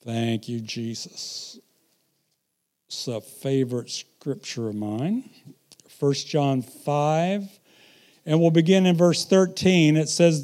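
A middle-aged man preaching a sermon, telling stories and swinging from quiet asides to loud, emphatic bursts. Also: on the high side, unhurried.

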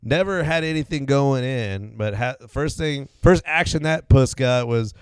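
A man's voice: medium pitch, unhurried, clean tone, no echo. A man co-hosting a crude comedy podcast, rambling and laughing, with lots of fillers. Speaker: podcast co-host. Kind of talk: crude casual comedy chat.

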